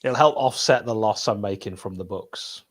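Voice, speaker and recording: A man's voice: on the low side, moderate pace. Dry-joking man on a football panel. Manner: dry, joking, playful asides. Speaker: panel guest. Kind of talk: casual football chat.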